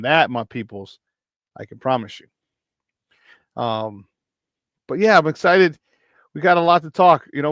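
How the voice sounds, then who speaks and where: A man hosting a casual sports talk show, excitable and repeating phrases for emphasis, reading off stat lines in quick lists. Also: mid-range voice, no room sound. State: doing burpees while talking.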